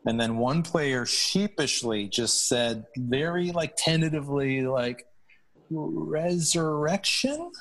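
A man's voice: mid-range voice, unhurried, few pauses. A man, a hockey chaplain, telling stories earnestly in a podcast interview, often restarting his sentences. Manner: earnest, animated storytelling with restarts.

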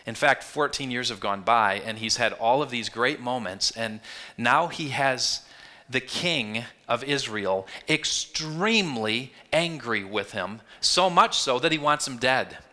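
Guy pastor giving a sermon, animated storyteller, kinda bright tense tone. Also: mid-range voice, unhurried. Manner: earnest, animated storytelling with quoted voices.

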